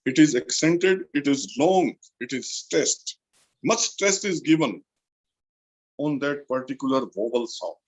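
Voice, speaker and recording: A male college lecturer from India with an Indian English accent, slowly explaining a literature lesson and repeating key terms for emphasis. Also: a little high, lively intonation.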